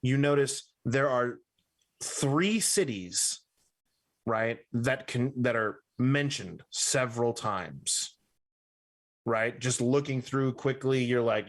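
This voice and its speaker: A man's voice: medium pitch, slow pace. Casual male game master. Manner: casual, uses fillers like "right?". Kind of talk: narrating a tabletop game.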